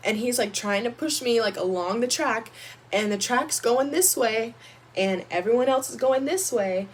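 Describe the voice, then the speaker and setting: A young woman vlogger telling a storytime about her own life in a chatty, animated way, full of "like". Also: a little high, normal speed, slight background noise. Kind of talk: storytime vlog.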